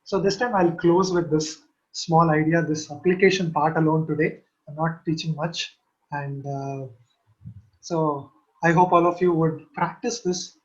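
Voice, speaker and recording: A man's voice: on the high side, fairly even intonation, a little slow. A man giving an earnest teaching sermon, repeating key phrases to urge his listeners on, recorded from an online session. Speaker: Christian teacher. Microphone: online call. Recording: dull lo-fi online session audio.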